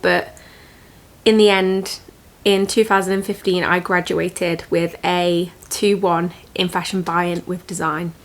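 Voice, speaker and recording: A woman, telling a personal story to camera in an earnest, reflective and emotional way, halting with small restarts. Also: medium pitch, a bit bright. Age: 20s. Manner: emotional, motivational. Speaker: vlogger.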